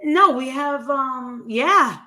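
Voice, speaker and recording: A woman with a New Jersey accent, co-hosting a casual chat, loud and blunt and swearing freely. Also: sits high, slow pace, a loud crowd.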